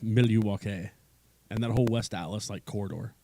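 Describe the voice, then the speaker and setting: A man's voice: fairly low pitch, normal speed, gravelly, slight background noise. A middle-aged man from Southern California telling a race story in casual chat, laughing and acting out quotes. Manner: animated, acts out quotes, laughs while telling. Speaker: IndyCar spotter, guest.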